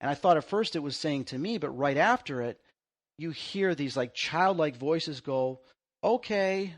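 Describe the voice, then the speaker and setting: A man hosting a casual conversation, an excitable storyteller who acts out the lines he quotes. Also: a little high, moderate pace. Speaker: host.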